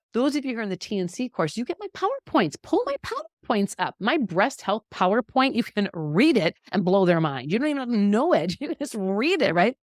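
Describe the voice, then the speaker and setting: A middle-aged woman giving an animated, encouraging faith-based health lesson, laughing often. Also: mid-range voice, dry recording, clean studio sound. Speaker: health educator. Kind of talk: faith-based teaching talk.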